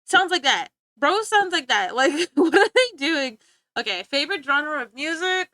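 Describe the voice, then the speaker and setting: A woman with a high, bright voice chats casually on a live stream, teasing her viewers and rambling from one thing to the next. She giggles often and trails off mid-thought. Her voice sounds dry and close, with no room echo. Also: sing-song, normal speed. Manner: playful, giggly and rambling, often breaking off to laugh; joking, teasing banter with chat. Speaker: livestreamer.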